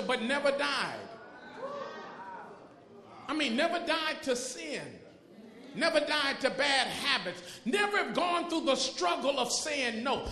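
High-voiced preacher in an echoing hall. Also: male voice, big pitch swings, measured pace, a faint crowd. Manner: impassioned preaching that builds to shouts, with repeated rhetorical questions. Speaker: pastor. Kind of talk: sermon. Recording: echoey hall with long reverb.

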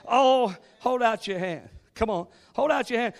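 A man's voice: extremely high pitch, measured pace, creaky. A man preaching a sermon, moving from joking asides to rising call-and-response exhortation. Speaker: guest preacher.

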